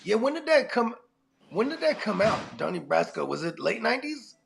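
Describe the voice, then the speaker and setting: Laid-back profane man with a gravelly voice. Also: high-pitched, big pitch swings, fairly quick, a little hiss or hum. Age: 40s. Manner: loose, rambling, profane, laughs often. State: has a cold. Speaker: podcast co-host. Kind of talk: casual chat.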